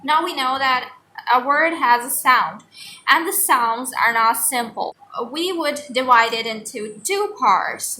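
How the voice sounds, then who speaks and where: A young woman giving an online pronunciation lesson, saying each example word over and over so the learner can follow. Her voice is bright and clear and sits a little high. A faint hiss runs under the recording. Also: far from the mic. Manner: repeats example words slowly for the learner. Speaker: online tutor.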